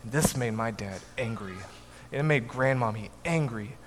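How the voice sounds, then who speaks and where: A man telling a family story to an audience in a measured way, with his voice dropping softly at the ends of lines. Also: mid-range voice. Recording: echoey hall, faint background noise.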